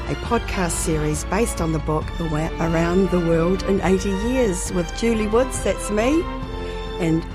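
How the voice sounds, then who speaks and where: A woman's voice: fairly low pitch, measured pace, over music. A woman hosting a podcast, reading prepared introductions and putting questions to her guest. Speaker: podcast host. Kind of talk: scripted podcast interview.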